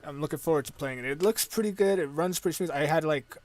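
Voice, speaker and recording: A man's voice: fairly high pitch, fast, no echo. A Canadian man hosting a casual stream chat, rambling and joking with lots of filler words. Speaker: podcast host.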